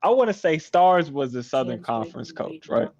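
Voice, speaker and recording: A man's voice: fairly high pitch, very animated, moderate pace, muffled recording, a crowd in the background. A man hosting an esports podcast in casual chat, teasing the guests and laughing through his stories. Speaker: podcast host.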